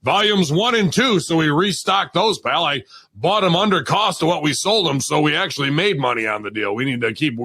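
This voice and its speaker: A man doing a comedic impression of a gruff, profane old wrestling company boss who rambles and calls everyone pal. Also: fairly high pitch, animated, fairly quick, sharp tone, no room sound, studio quality, full character voice. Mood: blustering.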